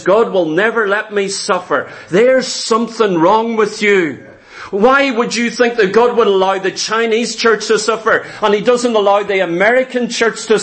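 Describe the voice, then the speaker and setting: A man's voice: sits high, fairly bright tone. A man preaching a sermon with urgent emphasis, asking the congregation rhetorical questions.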